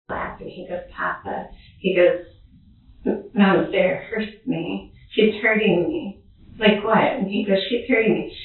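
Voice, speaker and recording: A woman giving a police interview as a child's godmother, talking haltingly, repeating herself and acting out what others said. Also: medium pitch. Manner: halting, repeats herself, acts out quoted speech. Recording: echoey distant phone-like interview-room recording.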